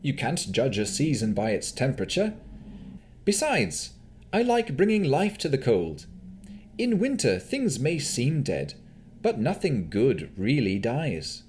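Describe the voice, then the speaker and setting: A man's voice: mid-range voice, a little slow, slight background noise, pitched above the performer's own voice. A man voicing a cheerful, playful male winter fae prince in an audiobook. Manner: animated and theatrical. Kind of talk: audiobook character voice.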